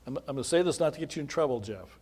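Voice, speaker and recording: A man's voice: medium pitch, animated, rapid-fire, a little mellow, breathy edge. A middle-aged man, a pastor, welcoming people to a simple memorial service in a chatty, folksy storytelling way. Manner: chatty, folksy storytelling with quoted dialogue and asides.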